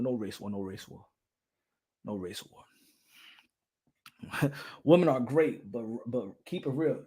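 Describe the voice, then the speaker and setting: A man hosting a boxing podcast in a loud, animated rant, laughing and swearing often. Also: mid-range voice. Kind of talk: casual livestream rant.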